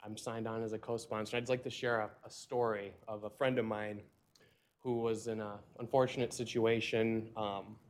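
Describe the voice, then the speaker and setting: A supervisor addresses his colleagues at a board meeting. He halts and restarts, with many fillers along the way. His voice stays even and flat. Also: fairly low pitch, moderate pace. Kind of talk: speech at a public meeting.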